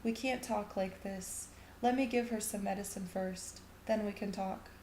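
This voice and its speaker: A woman's voice: medium pitch, fairly even intonation, a little slow, a little mellow, slight background noise, lightly acted. A woman voicing a distracted, anxious mother who talks in a fretful, apologetic way, in a story reading in an echoey room.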